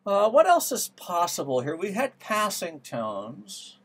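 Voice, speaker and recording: A man's voice: high-pitched, wildly swooping pitch, unhurried, breathy edge. A man teaching music theory, trying out ideas aloud and musing as he works through them. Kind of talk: thinking-aloud music lesson. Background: piano playing.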